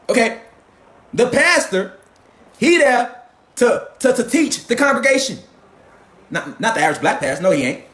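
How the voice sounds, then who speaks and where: A man delivering a profane, animated monologue, mocking and heated, full of rhetorical questions. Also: extremely high pitch. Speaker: host of a lecture channel.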